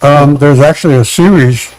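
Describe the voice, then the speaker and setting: A man talking as a guest in casual chat, animated, acting out quotes and laughing, with many restarts. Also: fairly high pitch, moderate pace, no echo, rough recording.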